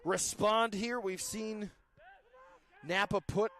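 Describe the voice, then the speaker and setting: A man calls a local soccer match in a high, light voice. He keeps up a friendly patter with joking asides and lifts his energy whenever play nears the goal. Traffic can be heard from the roads around the field. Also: takes it slowly. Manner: chatty, joking asides, rising excitement on attacks. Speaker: play-by-play commentator. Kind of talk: live soccer commentary.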